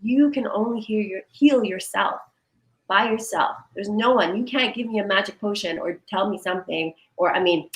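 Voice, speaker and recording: A woman energy healer giving a coaching talk on a livestream video call, animated and guiding listeners through exercises. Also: medium pitch, moderate pace, echoey room, poor audio.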